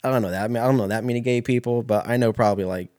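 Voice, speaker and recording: A man's voice: medium pitch, very fast, darkish tone, no echo, clean studio sound. A young man telling a rambling, profane story in a casual monologue, full of fillers and restarts.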